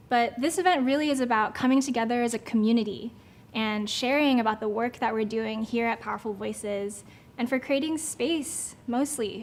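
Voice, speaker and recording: A woman's voice: a little high, slight background noise. Chatty woman co-hosting an event. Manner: chatty, laughs often, hype-style. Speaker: event co-host. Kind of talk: casual live event hosting.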